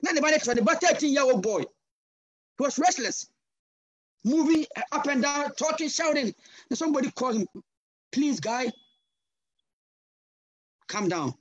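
A man with a Ghanaian accent preaching a sermon over a video call, passionate and switching between English and Twi with sudden loud cries. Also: very high-pitched, brisk, long pauses, no echo, muffled recording. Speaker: guest pastor.

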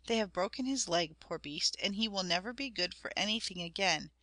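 A man's voice: high voice, expressive, brisk, bright, forceful tone, no room sound. A woman voicing a grieving old shepherd man who speaks in rustic country dialect.

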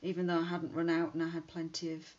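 A woman's voice: sits low, completely flat delivery, quick pace, darkish tone. A woman chatting casually while demonstrating card making, thinking aloud as she works. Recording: dull lo-fi sound with faint hiss.

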